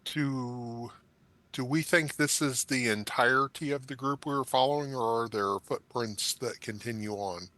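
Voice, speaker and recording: A man playing a tabletop game, deciding moves out loud in casual talk. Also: medium pitch, fairly even intonation, unhurried. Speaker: player.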